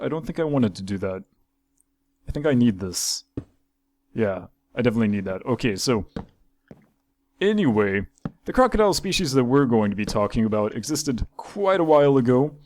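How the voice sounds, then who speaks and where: A man's voice: mid-range voice, darkish tone, a little hiss or hum. A young man hosting a gaming channel, chatting casually over his gameplay, talking to his animals and often restarting his sentences. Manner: chatty, talks to his pets, frequent restarts.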